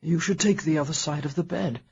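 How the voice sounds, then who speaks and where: A woman narrating an audiobook, voicing an injured young gentleman lying in bed, speaking in a quiet, halting way. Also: deep voice, creaky, breathy edge, lo-fi sound, heavily acted. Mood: tender.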